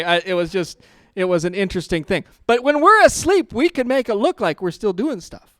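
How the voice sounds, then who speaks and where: A man's voice: high-pitched, brisk, no echo. A pastor man preaching, dry sound. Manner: conversational storytelling, laughs often, gets loud and animated telling stories. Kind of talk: sermon. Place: church.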